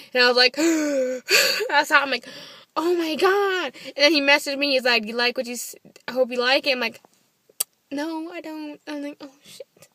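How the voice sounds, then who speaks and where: High, bright-voiced young woman vlogging. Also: gravelly. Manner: blunt, swears freely, acts out texts in quoted voices. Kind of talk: casual storytelling vlog.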